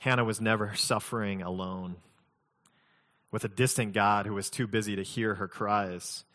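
A man's voice: lowish voice, steady tone, moderate pace, pushed and bright, long reverb tail. A man preaching a sermon as pastor, conversational, mixing scripture reading with humorous personal stories.

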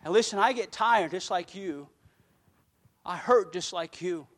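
A man who is a pastor, preaching a sermon with fervent emphasis, swinging from loud declarations to quiet, earnest asides. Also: high voice, a little slow. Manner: fervent preaching, rising loud then dropping soft.

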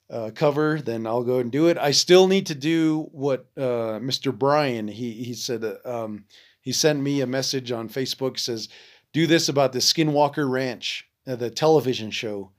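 Rambling casual man telling a story. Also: mid-range voice. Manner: rambling, many fillers and restarts, swears freely; acts out quoted voices in lively bursts. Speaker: podcast host.

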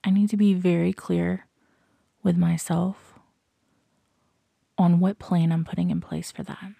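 A woman's fairly low, gravelly and slightly rough voice carries a slow, reflective motivational podcast talk in a level tone. As host, she repeats questions to the listener and often drops to soft whispers, with no room sound on the recording.

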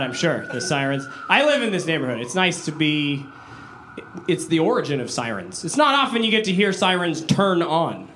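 A man performing a stand-up comedy set in a club, animated and acting out voices in his stories. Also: sits high, a little hiss or hum. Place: comedy club with a live audience. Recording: echoey room, live audience laughter.

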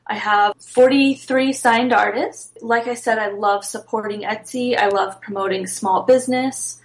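A woman's voice: mid-range voice, low-quality recording. A woman guest on a podcast, earnestly explaining her wedding blog business with small restarts. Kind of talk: casual interview answers.

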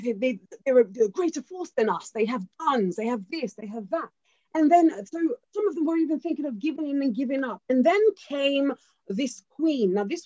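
An emphatic woman giving an informal history talk, often checking that her listeners are following. Her voice sits fairly high and comes through a dull, lo-fi recording with a dry sound. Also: dry recording. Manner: emphatic, keeps checking in with "okay?". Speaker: speaker.

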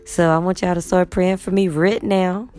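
A woman teacher, chatting casually to her viewers in an animated storytelling manner. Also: lowish voice, normal speed. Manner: chatty, animated storytelling with acted quotes of students. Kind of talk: casual vlog chat.

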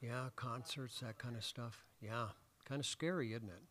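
Guy preaching a sermon in a church, chatty, lots of ums and uhs, middle pitch. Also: fairly even intonation, normal speed, a bit bright, a little hiss or hum. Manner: conversational, asks the congregation questions, many fillers. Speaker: pastor. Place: church sanctuary.

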